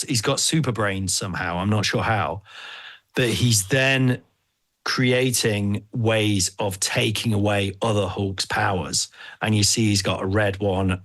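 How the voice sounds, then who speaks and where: A man hosting a podcast, chatting casually in an animated, rambling, jokey way. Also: lowish voice. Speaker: podcast host.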